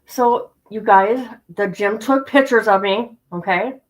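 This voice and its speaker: A woman's voice: medium pitch, unhurried, low-quality recording. Middle-aged woman, livestream host; casual, chatty, repeats herself for emphasis, addresses viewers directly. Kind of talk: casual chat with stream viewers.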